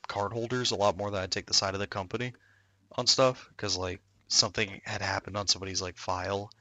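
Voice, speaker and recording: A man's voice: on the low side, steady tone, fairly quick, bright, forceful tone, no room sound. A man chatting casually on a stream, telling long stories full of fillers. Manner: rambling storyteller, many fillers. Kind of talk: casual chat.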